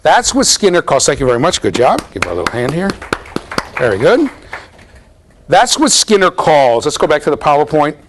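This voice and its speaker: Middle-aged male lecturer, lively sing-song delivery, playful, demonstrates with students in a big hall. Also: fairly high pitch, moderate pace, noisy background. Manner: animated, playful, addresses students directly. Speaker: university lecturer. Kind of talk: classroom lecture with live demonstration.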